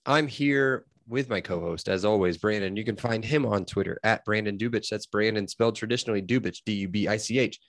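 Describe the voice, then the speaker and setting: A man's voice: fairly low pitch, fairly quick, hardly any pauses, no echo, studio quality. A man hosting a sports podcast, chatting casually and rattling off scores and stats. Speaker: podcast host.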